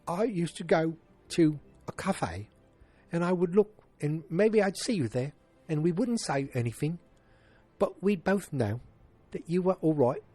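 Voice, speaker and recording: A man's voice: fairly high pitch, warm tone, soft background music, pitched above the performer's own voice. A man doing a shaky older British gent impression. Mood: wistful. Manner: slow, earnest British put-on accent. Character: impression of an older British male movie actor.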